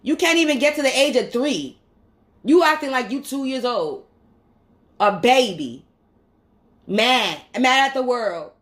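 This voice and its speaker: A woman's voice: high voice, animated, measured pace, long pauses, fairly bright tone. A woman vlogger, ranting angrily and profanely, repeating her points. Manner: heated, profane, repeats herself. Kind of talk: angry rant to camera.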